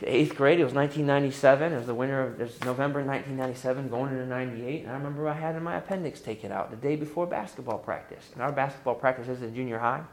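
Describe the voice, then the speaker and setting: A middle-aged man preaching a sermon as pastor, lively and emphatic, pushing up into high exclamations. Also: rapid-fire, few pauses, slight background noise. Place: church sanctuary. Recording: echoey church room.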